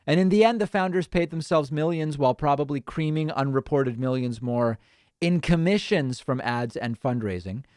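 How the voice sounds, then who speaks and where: A man's voice: on the high side, normal speed, a little mellow, dry recording. Dry-sounding man hosting a live stream. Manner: thinking aloud, wry asides. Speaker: political talk show host. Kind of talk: casual live-stream commentary, reading chat and articles aloud.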